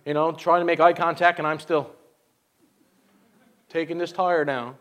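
A man with a notably high voice preaches a folksy, conversational sermon to his church. He talks in a chatty, exclaiming way, leaning on "you know" and asides to the congregation. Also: steady tone, normal speed, a bit bright, a little hiss or hum. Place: church service.

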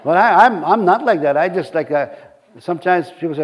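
Halting, folksy preacher man with a high voice. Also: expressive. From reservation community. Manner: halting, many restarts and fillers; folksy, chuckling asides. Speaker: pastor. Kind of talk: sermon.

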